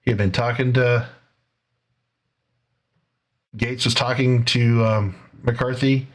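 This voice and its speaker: A man's voice: medium pitch, steady tone, slow. A man hosting a casual commentary video, talking over footage in a conversational, sarcastic way. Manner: conversational, with fillers and restarts. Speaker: commentary show host.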